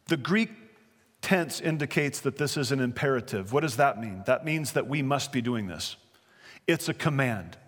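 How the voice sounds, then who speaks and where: A man at a middle pitch preaches earnestly to his church, reading scripture aloud and pressing his points with questions. His voice rings with a long hall reverb. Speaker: pastor. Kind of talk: sermon. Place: church sanctuary.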